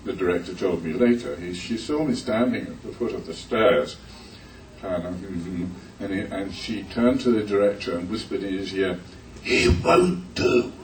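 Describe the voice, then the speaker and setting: An older man, a guest actor on a convention panel, telling a story haltingly with many pauses and uhs. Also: low-pitched, darkish tone. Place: convention hall. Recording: echoey hall, distant mic, faint noise.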